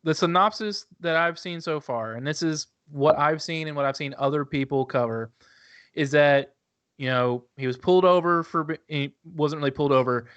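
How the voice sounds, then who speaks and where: A man's voice: a little high, normal speed, a bit bright, dry recording. Laid-back man co-hosting a podcast. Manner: laid-back, acts out quotes in stories. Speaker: podcast co-host. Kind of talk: casual storytelling.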